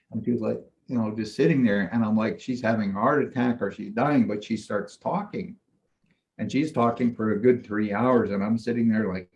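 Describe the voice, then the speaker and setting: A man, a shaman and mentor, casually telling a long personal story in a rambling, animated way, often acting out what he said. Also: on the low side, highs cut off. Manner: rambling, animated retelling with frequent "I'm like".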